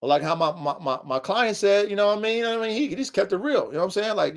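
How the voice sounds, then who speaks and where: A man's voice: sits high, lively intonation, fast talker, gravelly, hardly any pauses. A man hosting a livestream podcast, lecturing his listeners in an emphatic, preachy way, repeating himself and using casual slang. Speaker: podcast host.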